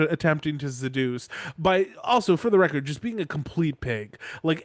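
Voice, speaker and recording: Lively, foul-mouthed male podcast co-host. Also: fairly high pitch, no echo, clean studio sound. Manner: animated, profane storytelling full of asides. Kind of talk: casual book-recap chat.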